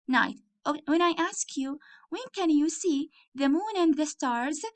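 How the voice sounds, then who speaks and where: Lady teaching english to girls, high voice, real slow, spells everything out letter by letter. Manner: slow, clear, repetitive, spells words letter by letter. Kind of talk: recorded classroom lesson.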